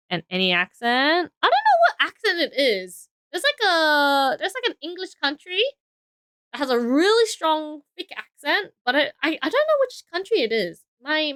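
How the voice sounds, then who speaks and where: A woman's voice: high voice, a bit bright, dry recording. A young woman streaming, chatting casually with viewers while building, rambling and correcting herself as she goes. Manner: rambling, unsure and self-correcting. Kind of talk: casual live-stream chat.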